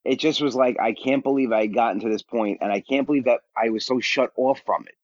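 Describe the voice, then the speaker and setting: A man who works as a stand-up comedian tells blunt, self-mocking stories as a podcast guest. His voice sits at a middling pitch. The recording is dry and a little dull, with a lo-fi edge. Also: dry recording. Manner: blunt, self-deprecating, quick to get defensive. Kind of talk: candid podcast storytelling.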